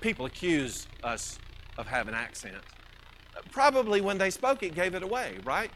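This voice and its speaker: A man with a Mississippi accent preaching through a scripture passage. His voice sits high and bright, and it swings widely as he fires rhetorical questions and answers them himself. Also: big pitch swings, normal speed, slight background noise, low-quality recording. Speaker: Bible teacher. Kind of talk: expository Bible teaching.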